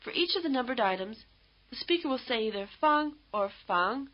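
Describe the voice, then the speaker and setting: A woman giving measured, explanatory scripted narration for a language course. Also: fairly high pitch, lively intonation. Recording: dull lo-fi course audio.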